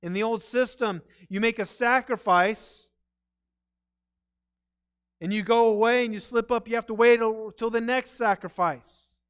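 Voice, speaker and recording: Speaking from a church sanctuary, a male pastor delivers his sermon in a very high, smooth voice with a steady tone and a slightly slow pace. He sounds sincere and conversational, occasionally tripping on his words.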